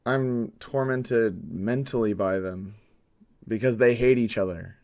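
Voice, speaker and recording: An actor playing a troubled young male patient in a game, with a flat, withdrawn delivery. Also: fairly low pitch, slow pace. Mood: glum.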